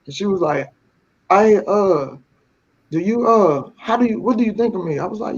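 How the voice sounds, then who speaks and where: A man's voice: high voice, a little fast, background noise. A man telling a dating story in laid-back slang, with many restarts. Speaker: panel guest. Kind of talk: casual storytelling. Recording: dull lo-fi sound.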